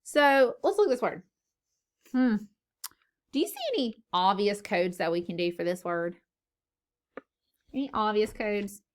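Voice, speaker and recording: A woman's voice: medium pitch, expressive, measured pace, pauses often. Playful sing-song woman teaching phonics. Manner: sing-song, playful, repeats words for emphasis. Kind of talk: recorded phonics lesson for young children. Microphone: camera mic.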